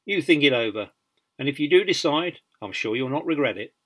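A man's voice: a little high, lively intonation, a little fast, fairly bright tone. A man reading aloud, voicing an earnest, persuasive sergeant major in an audiobook. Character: gruff old male regimental sergeant major.

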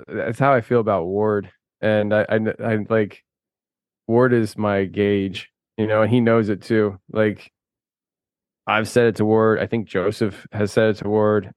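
A man with a lowish voice talks in a loose, rambling way. He laughs often and restarts his sentences as he chats. The sound is dry and close, with no room echo. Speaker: podcast host and filmmaker guest. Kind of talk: casual conversation.

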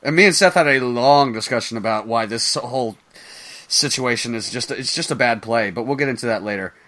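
A man in the host's seat of a casual film podcast, swearing and getting worked up as he talks. His voice sits at an ordinary middle pitch, neither high nor low. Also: brisk. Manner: excitable, swears freely. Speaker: podcast host. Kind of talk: casual movie review chat.

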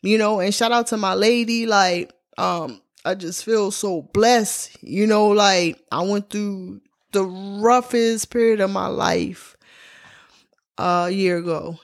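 A woman in her forties, a podcast host, candidly telling a personal story to her listeners in a casual, slangy, heartfelt way. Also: medium pitch. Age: 40s.

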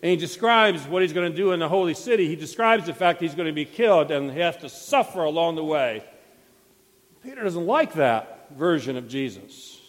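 A man with a high voice delivers a sermon from the pulpit. He retells a story dramatically, acting out the quotes. His words carry a long reverb through a church sanctuary. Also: animated, moderate pace. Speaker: pastor.

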